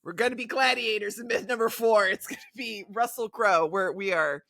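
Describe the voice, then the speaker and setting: A woman's voice: medium pitch, a little fast, vocal fry, no echo, clean studio sound. A woman co-hosting a podcast, chatting casually and playfully about a game, often slipping into mock voices. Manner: animated, playful, quotes characters in mock voices. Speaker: podcast co-host.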